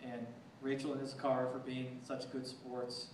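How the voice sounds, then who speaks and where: A man's voice: mid-range voice, completely flat delivery, moderate pace. A man, the groom, gives a short, plain-spoken thank-you speech at his wedding reception. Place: chilly outdoor wedding venue. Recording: echoey, distant mic, crowd and noise.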